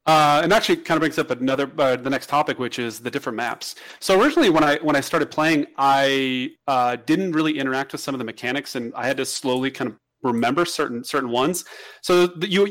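A man's voice: medium pitch, fast talker, a bit bright. A man co-hosting a casual podcast, talking at length in a rambling way with many restarts. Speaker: podcast co-host. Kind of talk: casual chat.

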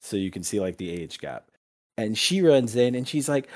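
A man's voice: fairly low pitch, very animated, normal speed, a little mellow. A man narrating as game master in a tabletop game, laughing often and using many fillers.

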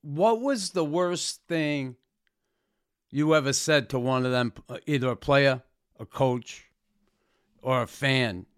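A man's voice: mid-range voice, slow pace, pauses often, clear, resonant tone. A man co-hosting a podcast, asking questions in blunt, joking casual chat. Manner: blunt and joking, with frequent fillers. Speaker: podcast co-host.

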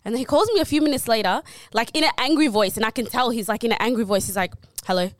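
A woman's voice: on the high side, very fast, dry recording. A woman, a podcast co-host telling a funny story in casual chat, laughing as she goes. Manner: animated, laughs while telling stories.

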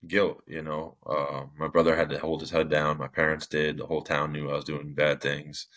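Young guy with a super deep voice, rambling through his own story on a podcast, lots of restarts. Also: completely flat delivery, normal speed, fairly bright tone. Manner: rambling, with frequent restarts and fillers. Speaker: podcast guest. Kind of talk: candid personal storytelling.

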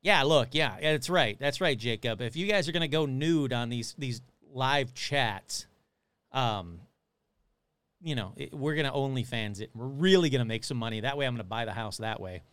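A man's voice: medium pitch, normal speed, a bit bright, clear, resonant tone, dry recording. Chatty man streaming live, dry close sound. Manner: chatty, swearing, reads chat aloud. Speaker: livestream host. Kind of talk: casual live-stream chat.

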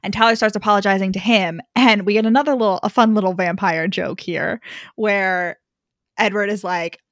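A woman co-hosting a podcast, retelling a story in a profane, animated way with frequent laughs. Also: mid-range voice, normal speed, no room sound, studio quality. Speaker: podcast co-host. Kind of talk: casual chat.

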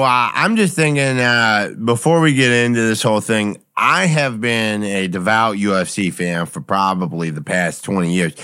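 A man's voice: mid-range voice, bright, forceful tone, clear, resonant tone. Man playing a rambling drunk guy. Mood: eager. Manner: rambling, slurred, halting. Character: drunk sentimental male co-host.

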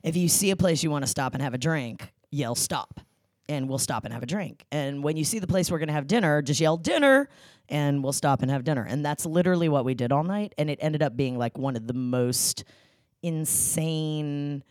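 A woman guest on a podcast, casually telling a story in an animated way and laughing often as she talks. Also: deep voice, moderate pace, no echo, studio quality.

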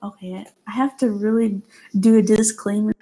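A woman's voice: mid-range voice, fairly even intonation, moderate pace, a crowd in the background. A teenage girl co-hosting a casual podcast, laughing easily and apologizing often as she reacts to her friend. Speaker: podcast co-host. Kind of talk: casual chat.

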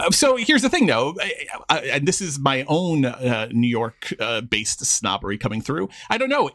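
A man co-hosting a podcast in a casual, rambling chat. His voice is bright and forward, and he fills his thoughts with restarts and fillers. The sound is dry and close. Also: medium pitch, dry recording. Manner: conversational, chatty with frequent fillers and restarts. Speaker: podcast co-host.

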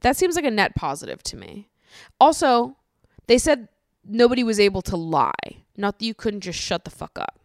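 A woman hosting a solo podcast, chatting casually with lots of swearing, laughter and animated ranting. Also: medium pitch, a little fast, dry recording, studio quality. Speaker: podcast host.

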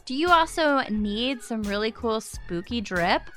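A woman with a somewhat high voice co-hosts a podcast, playful and giggly with a laid-back, low-energy delivery. She jokes through the sponsor reads. Soft music sits faintly in the background. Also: lively intonation, a little slow. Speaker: podcast co-host. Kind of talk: casual podcast chat with ad reads.

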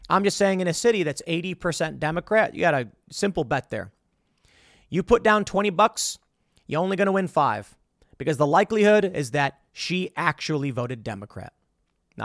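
A man's voice: fairly high pitch, a bit bright, dry recording, clean studio sound. A man giving a sarcastic, exasperated political commentary monologue.

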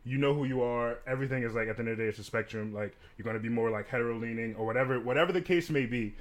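A man and bartender telling stories in a casual chat, animated and profane, acting out what others said. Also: mid-range voice, very fast. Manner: animated, profane, acts out quotes with big swings. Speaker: podcast co-host and bartender.

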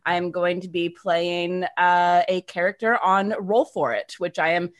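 An American woman, a player in a tabletop game, chatting casually and excitedly with frequent laughs and restarts. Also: lowish voice, unhurried. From United States.

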